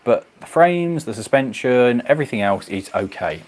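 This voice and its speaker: A man hosting a casual livestream, chatting to viewers in a rambling, animated way. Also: medium pitch, normal speed. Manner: rambling, animated, goes off on tangents. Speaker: livestream host. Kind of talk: casual chat reading viewer comments.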